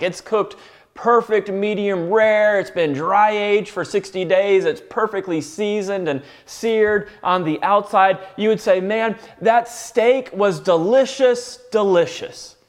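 A man delivers a sermon in a high, earnest voice. He explains his points with everyday examples and the odd teasing aside. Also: measured pace. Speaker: pastor.

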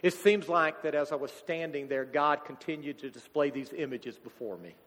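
A man, preaching a sermon as a pastor, halting and emotional as a grieving father. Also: fairly high pitch, fairly bright tone. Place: church sanctuary. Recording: church hall reverb.

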